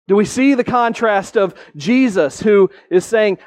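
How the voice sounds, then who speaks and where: High-voiced preacher man, dry sound. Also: big pitch swings, no room sound. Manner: earnest preaching, rising on key points and slowing for emphasis. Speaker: pastor. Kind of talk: sermon.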